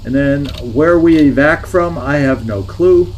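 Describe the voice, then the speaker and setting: The recording is lo-fi, with a little hiss or hum, as a fairly high-voiced man speaks somewhat slowly while streaming a strategy game. His commentary is hesitant and musing, a running think-aloud as he works out each move.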